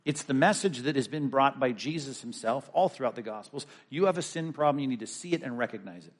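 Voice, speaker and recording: A man, a pastor, preaching a sermon with animated storytelling. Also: mid-range voice, quick pace.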